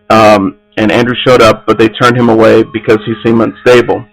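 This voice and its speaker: A man's voice: medium pitch, rough recording. A man hosting an entertainment news podcast, reading stories aloud with frequent slips and restarts.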